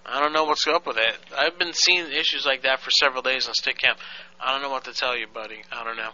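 Bright rambling web show host. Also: male voice, medium pitch, quick pace, dull audio, slight background noise. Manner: rambling, many fillers and restarts. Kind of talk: casual chat.

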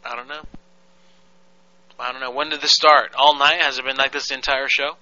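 A man's voice: medium pitch, level tone, fairly quick, sharp tone, highs cut off. A man hosting a live web call-in show, chatting casually and rambling with fillers and restarts. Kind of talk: casual chat.

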